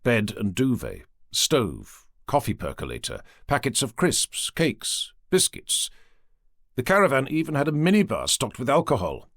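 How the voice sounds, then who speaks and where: Expressive male audiobook narrator, dry close sound. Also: mid-range voice, a little slow, no echo. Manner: expressive storytelling. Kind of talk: scripted narration.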